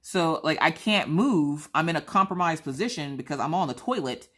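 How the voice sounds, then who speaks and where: A woman's voice: low voice, moderate pace. A woman, telling family stories in a casual chat and acting out her family's voices. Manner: animated, acts out family members' voices. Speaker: vlogger.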